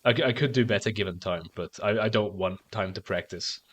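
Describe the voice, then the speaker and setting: A man's voice: lowish voice, brisk, a bit bright. A man streaming a game and chatting casually, rambling with stammered restarts and frequent swearing. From outside the United States. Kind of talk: casual chat while gaming on stream.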